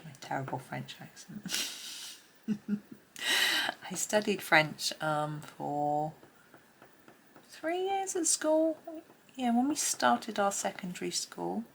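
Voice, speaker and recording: A middle-aged woman chats through a colouring tutorial, slipping into a soft near-whisper as she works. Her voice sits low with a gravelly edge. A faint hiss sits behind her. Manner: soft-spoken, often half-whispering, chatty with small laughs. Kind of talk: casual narrated drawing tutorial.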